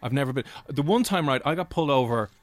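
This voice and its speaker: A man with an Irish accent hosting a radio show, telling stories in a quick, joking way. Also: mid-range voice, animated, no echo. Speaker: radio host. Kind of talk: casual radio chat.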